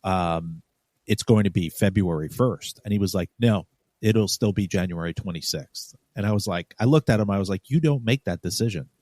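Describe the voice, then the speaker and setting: A man's voice: low-pitched, normal speed, a little mellow, no room sound. A man from New York, a podcast co-host, telling a story bluntly and with profanity, acting out the dialogue. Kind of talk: casual storytelling.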